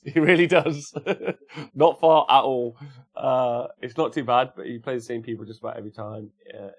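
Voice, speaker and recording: A man with an English Midlands accent, hosting a casual livestream, reading out viewers' chat messages and answering them with jokes. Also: medium pitch. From Cannock, England.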